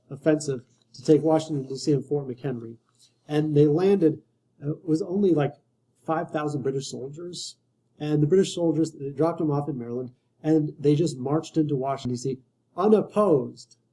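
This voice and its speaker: A man lectures on history in a casual, conversational way. His voice is very dark and mellow yet sits slightly high, and he often breaks off and restarts sentences. He has a wry, amused edge. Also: poor audio. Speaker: history teacher.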